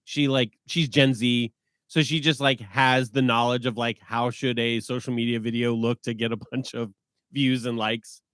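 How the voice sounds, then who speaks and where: A man in his forties, a podcast guest telling stories in an animated way and laughing often. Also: medium pitch, moderate pace, clear, resonant tone, dry recording, clean studio sound. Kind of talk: casual podcast conversation.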